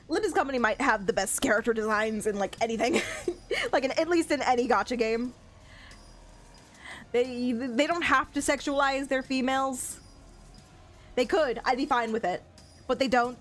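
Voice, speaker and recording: A young woman streaming a game, chatting casually, gushing about the characters and giggling often. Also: a little high. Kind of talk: casual gameplay commentary.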